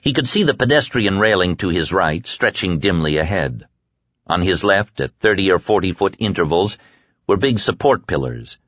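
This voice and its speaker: A man narrating a horror novel in a measured, suspenseful reading that slows and sinks low at the tense moments. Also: expressive, a bit bright, no echo. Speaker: audiobook narrator. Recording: dry, slightly dull lo-fi recording.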